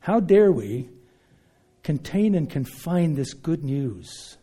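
Slow, emphatic male preacher. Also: a little high, very animated, slightly rough. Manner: emphatic, swings between loud and hushed. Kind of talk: sermon.

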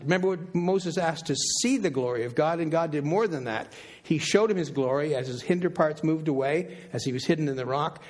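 A man preaching a sermon, emphatic, repeating phrases for weight and slowing on key words. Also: on the high side. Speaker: pastor.

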